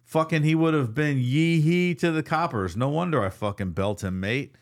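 A man voicing a gruff, rambling old Australian man with an Australian accent, muttering and repeating himself. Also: on the high side, normal speed, voice pushed up, lightly acted. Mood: menacing muttering. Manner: muttering, repetitive, sing-song cackling.

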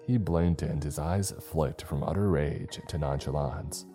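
A male narrator reads a first-person horror story with a very deep, dark voice. His delivery is steady and measured. Faint music plays underneath.

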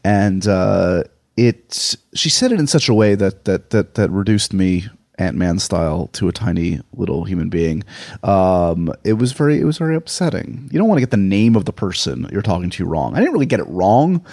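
A New York man with a somewhat low voice talks casually as a podcast host. He rambles and pokes fun at himself in a loose, chatty monologue. The sound is dry, with no room echo. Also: sing-song, moderate pace, creaky, a little mellow. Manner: rambling, self-deprecating, chatty.

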